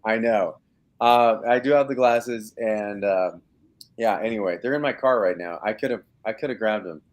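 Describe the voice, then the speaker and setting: A man's voice: lowish voice, normal speed. A man in his thirties, an actor talking from home on a video call, rambling with lots of fillers and restarts. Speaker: actor guest. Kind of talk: casual live interview chat.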